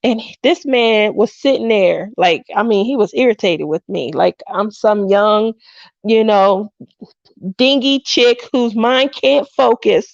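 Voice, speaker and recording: A woman's voice: medium pitch, slow pace, gravelly, no echo, highs cut off. A woman in her fifties hosting a craft livestream, chatting casually and telling stories with frequent laughs, acting out what people said. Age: 50s. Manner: chatty storyteller who laughs often and acts out quotes.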